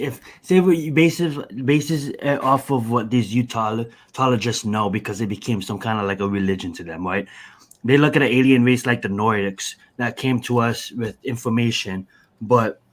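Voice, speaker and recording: A man in casual podcast chat, rambling through long answers with many fillers and restarts. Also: medium pitch. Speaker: podcast guest.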